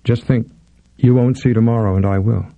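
A man voicing a soft-spoken male captor who talks quietly and slowly, tired but kind. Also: medium pitch, steady tone, gravelly, dry recording, highs cut off, close to an everyday voice.

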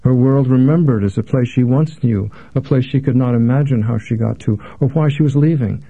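A man narrating a literary audiobook in a measured, somber way. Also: mid-range voice, creaky, dark tone, slightly rough, no room sound. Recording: dry, tinny phone-like sound.

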